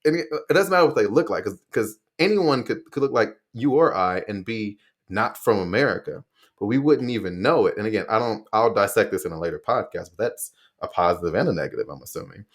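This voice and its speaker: A young man hosting a podcast in casual conversation, rambling and correcting himself with animated asides. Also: on the low side, fairly quick. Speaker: podcast host.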